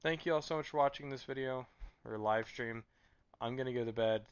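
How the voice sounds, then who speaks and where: Through a dull lo-fi mic with no echo, a man's mid-range voice comes across brisk, clear and resonant. He's streaming late at night on little sleep, chatting casually and rambling, often stammering and starting over.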